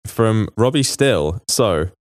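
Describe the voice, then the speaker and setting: A man's voice: fairly low pitch, lively intonation, takes it slowly, no echo. A man co-hosting a casual football podcast, chatting and reading out listener emails. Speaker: podcast co-host. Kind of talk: casual chat.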